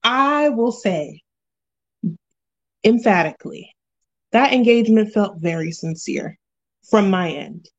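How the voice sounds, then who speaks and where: A woman hosting a casual reality TV recap, animated and slangy, laughing often. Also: medium pitch, slow pace, pauses often, lo-fi sound. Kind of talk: casual chat.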